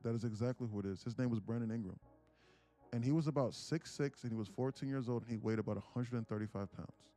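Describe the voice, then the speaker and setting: A man's voice: mid-range voice, soft background music. A young man hosting a livestream who tells a story casually, with lots of swearing and animation. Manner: profane, animated, fast. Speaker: day-trading livestream host.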